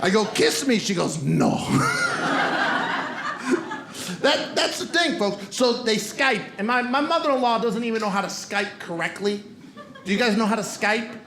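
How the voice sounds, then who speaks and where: A man's voice: high voice, normal speed, noisy background. A man doing stand-up comedy, teasing the crowd and talking straight to the audience. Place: comedy club stage with live audience. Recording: roomy live venue with audience laughter.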